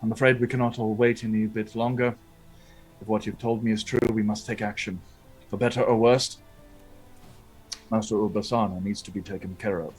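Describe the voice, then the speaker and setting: A man voicing a scheming noble lord who gives cold, measured orders in a low voice. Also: flat delivery, faint music behind, natural voice.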